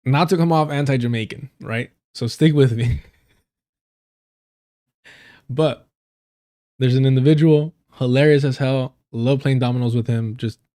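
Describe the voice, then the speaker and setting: A man's voice: medium pitch, a little slow, pauses often, warm tone. Profane, laughing man telling stories. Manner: profane, laughs often, loose and rambling. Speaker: live streamer. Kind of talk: casual storytelling.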